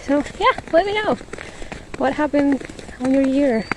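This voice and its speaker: A woman's voice: sits high, lively intonation, measured pace, noisy background. A woman hosting a podcast, chatting in a rambling casual way while walking outdoors on a snowy street, laughing often and a little winded. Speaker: podcast host.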